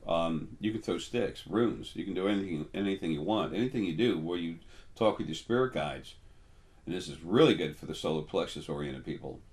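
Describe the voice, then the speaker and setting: An older man with a deep, low voice gives a loose, unscripted talk as a spiritual teacher. He rambles and stops often with ums and restarts. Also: lively intonation, darkish tone. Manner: rambling, halting with many ums. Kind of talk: casual monologue.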